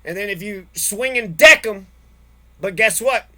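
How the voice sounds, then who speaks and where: An unhurried man with a bright, high-pitched voice speaks forcefully while recounting his own story in anger. The monologue is long, profane, and repetitive.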